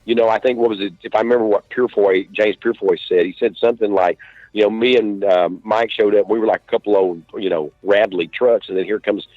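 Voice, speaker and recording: A man with an East Texas accent, an author being interviewed, telling stories in a relaxed drawl with many restarts. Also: fairly low pitch, fast talker, dry recording. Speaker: author guest. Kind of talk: casual interview talk. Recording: dull lo-fi dry stream audio.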